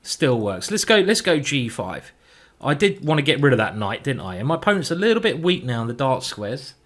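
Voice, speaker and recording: Male chess streamer, chatty self-talk, mid pitch, a little sweary. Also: big pitch swings, fairly quick, fairly bright tone. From England. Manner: chatty, thinking aloud, mildly sweary. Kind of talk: live game commentary.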